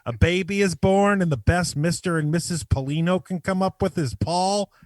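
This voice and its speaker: A man co-hosting a podcast, reading a prepared comic statement in a mock-dramatic, deadpan way. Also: sits high, moderate pace, dry recording. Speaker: podcast co-host. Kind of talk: reading a prepared comedic bit.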